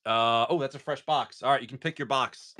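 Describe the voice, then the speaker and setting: A man hosting a live stream, chatting casually and excitedly to viewers as he opens card packs. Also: mid-range voice, fairly quick.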